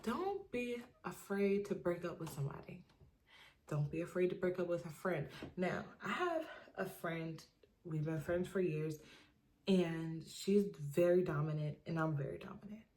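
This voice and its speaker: A woman's voice: fairly low pitch, animated, normal speed, a little mellow, a little hiss or hum. A young adult woman talking casually to camera in an emphatic, chatty way, often asking "you know what I mean". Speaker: vlogger. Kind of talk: casual advice monologue to camera.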